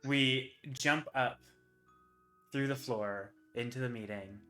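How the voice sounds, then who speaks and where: A man running a tabletop fantasy game as game master, narrating scenes loosely with frequent fillers and restarts. His voice is bright and forward at a middle pitch. Faint music plays behind him. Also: slow. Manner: rambling, filler-heavy narration.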